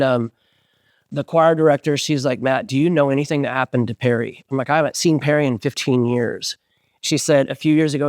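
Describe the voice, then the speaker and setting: A man in his forties, a band singer, telling stories in an animated way as an interview guest and acting out the voices of people he quotes. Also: medium pitch, dry recording, clean studio sound. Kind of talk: casual storytelling interview.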